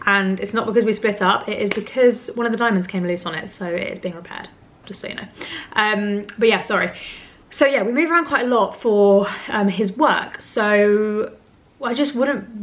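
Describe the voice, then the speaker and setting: At home, a young British woman talks casually to the camera as a vlogger, rambling with lots of "um"s and "like"s and laughing softly every so often. Her British English voice is medium in pitch and fairly bright.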